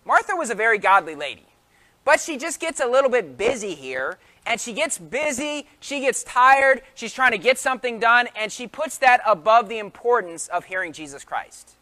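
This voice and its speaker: A man's voice: extremely high pitch, sing-song, normal speed, pushed and bright. A man preaching a sermon in an emphatic way, full of rhetorical questions.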